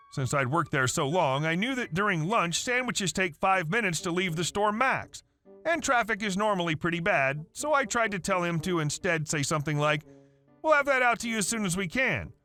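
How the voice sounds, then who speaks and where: A man reading a first-person story aloud in a lively, playful storytelling manner. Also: high-pitched. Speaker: story narrator. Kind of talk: scripted story narration. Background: faint background music.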